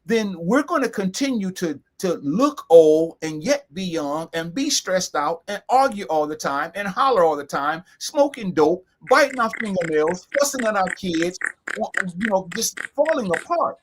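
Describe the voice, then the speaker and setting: Emphatic man with a high voice. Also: very animated, a little hiss or hum. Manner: emphatic, repeats key phrases slowly. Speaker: co-host. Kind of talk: earnest discussion.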